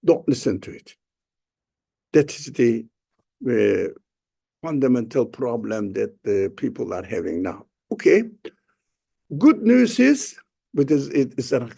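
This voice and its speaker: Slow, gravelly male Quran teacher. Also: mid-range voice, warm tone. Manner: slow, halting explanation with rhetorical questions. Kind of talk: informal Quran study lesson.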